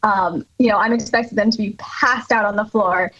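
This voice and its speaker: A woman on a podcast, telling a story in an amused, lively way. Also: mid-range voice, brisk, highs cut off. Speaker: podcast co-host. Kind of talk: casual storytelling chat.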